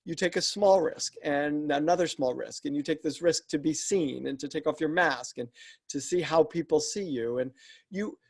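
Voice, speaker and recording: A man with a fairly high, creaky, husky voice speaks at a moderate pace as a podcast guest discussing his coaching work. His explanatory interview talk is earnest and methodical, circling back and restarting sentences as he builds each point.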